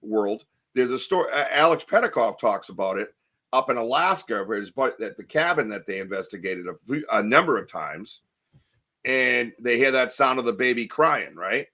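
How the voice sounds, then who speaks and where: A man hosts a loose live podcast and reads listener comments out loud. His voice is bright and forceful, and he rambles with plenty of ums and half-started sentences. The delivery stays casual and chatty throughout. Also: medium pitch, expressive, moderate pace. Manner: rambling, chatty, many fillers and restarts. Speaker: podcast host. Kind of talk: casual live-stream chat, reading viewer comments.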